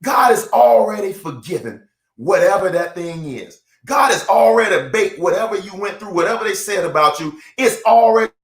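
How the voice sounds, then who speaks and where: Fervent high-voiced male motivational preacher. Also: expressive, normal speed. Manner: fervent, emphatic, repeats phrases. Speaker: motivational speaker. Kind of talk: preaching-style motivational talk. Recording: echoey room.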